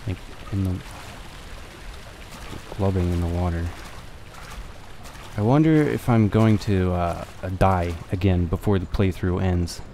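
Low-voiced man swearing through a game. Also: a little slow, long pauses, mellow, a little hiss or hum. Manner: swearing, talking to himself. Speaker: let's play gamer. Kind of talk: casual gameplay commentary.

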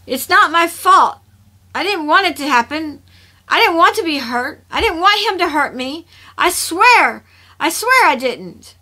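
A woman's voice: extremely high pitch, lively intonation, measured pace, bright, forceful tone, pitched above the performer's own voice, exaggerated voice. A woman voicing a fierce, guarded young woman who speaks sharply and scolds. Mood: pleading.

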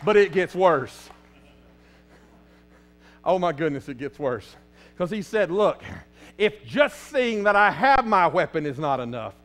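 A man with a Southern US accent preaching a fervent sermon as pastor in a church, often rising to a shout. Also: sits high, sing-song, a little slow, pauses often, soft background music. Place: church sanctuary.

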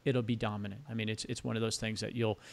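A man's voice: on the low side, little pitch movement, fast talker, creaky. A man hosting a casual podcast interview, chatty and enthusiastic, with rambling asides. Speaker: podcast host.

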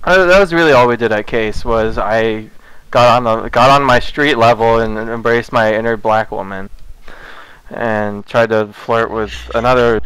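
A man's voice: medium pitch, unhurried, a bit bright, clean tone, poor audio. Rambling, profane young man telling a story. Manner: rambling, profane, laughing between phrases. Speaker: vlogger. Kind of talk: casual storytelling.

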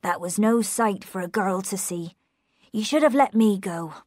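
A woman reading a storybook, voicing a rough but kindly male coachman who speaks in a soothing, steady way. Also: mid-range voice, unhurried, no room sound, clean studio sound, natural voice.

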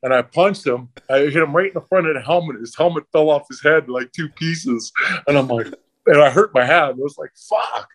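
A middle-aged man, a podcast guest, telling profane, animated stories about his hockey days in a casual way. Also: on the high side, a little fast. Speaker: podcast guest, former pro hockey enforcer. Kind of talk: casual storytelling.

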